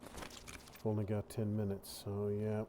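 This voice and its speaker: A man's voice: fairly low pitch, monotone, slow pace, dark tone, a little hiss or hum. A man hosting a gaming video, giving casual commentary and wryly muttering to himself as he plays.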